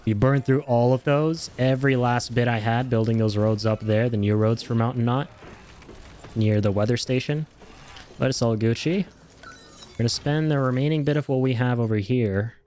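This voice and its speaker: A man's voice: medium pitch, a little mellow, slight background noise. A man streaming a video game, chatting casually and playfully, joking and swearing as he plays. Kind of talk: casual gameplay commentary.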